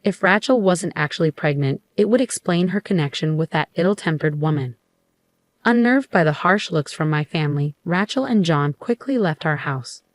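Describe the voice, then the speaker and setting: A woman reading a first-person story aloud in an even, measured way. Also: low voice, no room sound. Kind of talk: scripted first-person narration.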